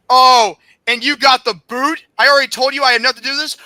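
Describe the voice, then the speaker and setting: This is a podcast host in full rant, his voice pitched unusually high for a man and cutting, almost sharp in tone. He talks with heated indignation and biting sarcasm, repeatedly rising into shouts. The sound is close and dry, with no room around it. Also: quick pace, hardly any pauses, no room sound. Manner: sarcastic, mocking. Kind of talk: angry rant.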